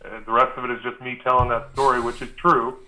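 Man telling a rambling story, bright voice. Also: medium pitch, flat delivery, fast talker, poor audio. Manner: rambling anecdote with restarts and many fillers. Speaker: podcast guest. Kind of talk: casual storytelling.

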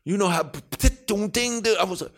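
Animated man telling a story. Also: high-pitched, fairly quick. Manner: animated storyteller acting out quotes, swears freely. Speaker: interview guest. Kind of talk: casual anecdote telling.

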